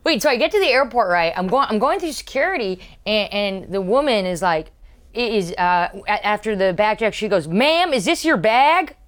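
A young woman comedian tells a story in relaxed podcast chat. Her voice sits in a middle pitch range. She bursts into big put-on voices whenever she quotes someone. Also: fairly quick. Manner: animated, acts out other people's lines in big voices. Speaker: stand-up comedian; podcast co-host.

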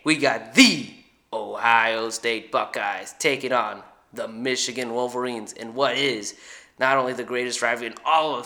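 A man doing an impression of an excitable college football announcer, slow and emphatic. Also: mid-range voice. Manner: slow, raised, hyped broadcast delivery.

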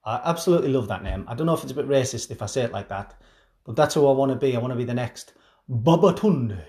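A man hosting a comedy podcast, telling an improvised comic story in an excitable, rambling, self-mocking way. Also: medium pitch, fast. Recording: roomy echoing room.

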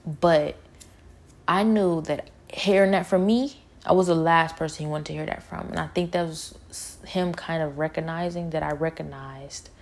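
A woman sharing an earnest spiritual testimony, her voice low and gravelly with a flat, steady pitch. She often repeats phrases for emphasis, and faint noise sits behind her. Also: moderate pace. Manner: earnest, emotional, repeats herself.

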